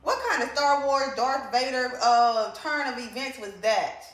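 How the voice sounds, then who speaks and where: A woman's voice: high-pitched, a little slow, fairly bright tone. A woman giving a casual, opinionated book review, emphatic and repeating points for effect. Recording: echoey room.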